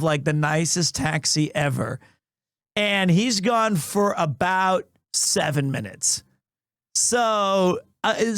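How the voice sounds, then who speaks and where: A man streaming live, chatting casually with his viewers and telling animated stories peppered with Japanese phrases. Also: high-pitched, no echo, clean studio sound.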